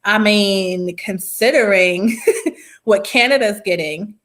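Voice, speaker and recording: A woman's voice: medium pitch, slow pace, fairly bright tone. A woman co-hosting a casual political chat, with a voice in the middle range. She talks things through at length, loosely and conversationally. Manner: conversational, explains at length with fillers. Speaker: podcast co-host.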